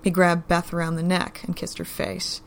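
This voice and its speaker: A woman narrating a story in a steady, unhurried audiobook-style reading. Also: lowish voice, creaky, a little hiss or hum.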